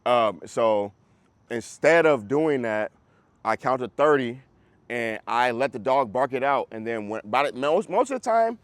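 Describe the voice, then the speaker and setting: A man's voice: medium pitch, lively intonation, a little slow, no room sound. A man, a dog trainer, coaching a group class in a casual, conversational way over a video call, often checking that listeners follow.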